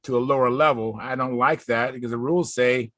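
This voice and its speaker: A man chatting casually with friends on a video call, telling stories with animated, acted-out quotes. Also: medium pitch, fairly quick, no echo. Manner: animated storytelling, acts out quotes loudly. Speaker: video hangout participant, contest pilot. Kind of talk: casual group chat.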